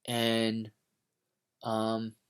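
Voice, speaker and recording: A man's voice: on the low side, monotone, very slow, noisy background. A man from the United States talking in a casual, rambling monologue, hesitant with many fillers, restarts and opinionated tangents. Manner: digressive, opinionated. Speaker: book vlogger.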